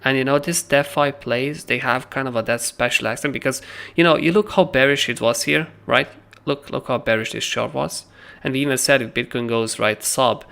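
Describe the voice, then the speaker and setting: Male livestream host with a gravelly voice; loose, animated trading commentary. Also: medium pitch, moderate pace, hardly any pauses. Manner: animated, keeps asking "right?", swears casually. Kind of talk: casual chart analysis on a livestream.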